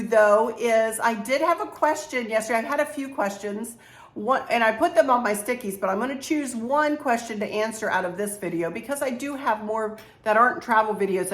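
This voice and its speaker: A woman from Maryland, slightly hoarse, telling a rambling personal story to her viewers in a casual chat. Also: a little high, brisk. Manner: rambling, warm storyteller addressing viewers as y'all. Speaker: craft vlogger. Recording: roomy echo.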